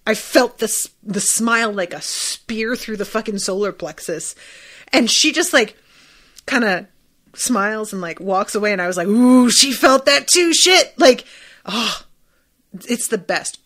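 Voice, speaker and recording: Excitable young woman podcaster. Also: medium pitch, measured pace. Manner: excitable, swearing, lots of "like" fillers. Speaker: podcast host. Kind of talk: casual commentary on a TV episode.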